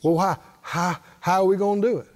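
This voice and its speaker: A man preaching a sermon, drawing answers from the congregation and building to shouted lines. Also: high voice, steady tone, fairly quick. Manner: preaching with call-and-response, rising to shouts. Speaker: pastor.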